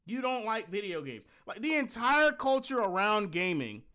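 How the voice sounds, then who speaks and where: A man hosting a reaction commentary, talking bluntly and scornfully with lots of swearing and sudden animated rants. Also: sits high, moderate pace. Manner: animated rants with mocking outbursts. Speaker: host.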